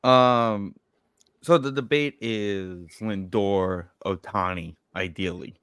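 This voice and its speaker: A man with a fairly low voice trades loose, profane jokes as a podcast co-host. His sound is dry and close, with no room around it. He keeps it casual and chatty. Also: takes it slowly, fairly bright tone, clean tone, dry recording. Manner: profane, joking, loose banter. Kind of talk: casual sports chat.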